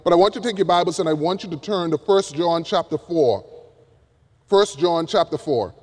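A male preacher delivering an emphatic sermon from the pulpit, swinging from loud appeals down to hushed words. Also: a little high, normal speed. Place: church pulpit. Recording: long reverb of a large hall.

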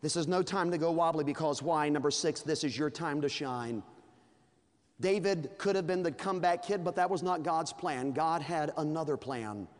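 A man's voice: on the high side, normal speed. A man preaching a sermon in a folksy, humorous, conversational way, from a church sanctuary. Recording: long reverb of a large hall.

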